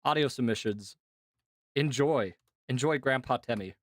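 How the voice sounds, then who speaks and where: A man streaming casually to his chat, talking in an animated, chatty way with lots of fillers and laughs. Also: mid-range voice, normal speed, no echo. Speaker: streamer and voice actor.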